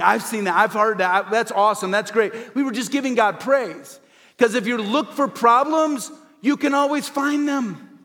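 A man with a fairly high voice preaches to his congregation, building emphatic refrains and calling for responses. His voice rings out with a long reverb from a church sanctuary. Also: a bit bright. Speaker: pastor. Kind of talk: sermon. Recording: hall reverb.

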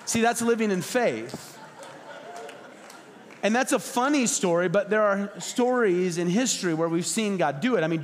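A man's voice: high-pitched, in a large hall. A man, a pastor, preaching a sermon and telling stories, acting out the voices in the quotes. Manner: storytelling, acts out voices in quotes.

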